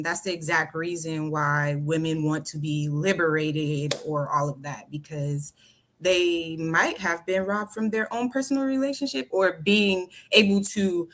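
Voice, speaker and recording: Woman, panel guest, lower voice, bright tone, questioning, thinks aloud. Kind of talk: casual panel debate.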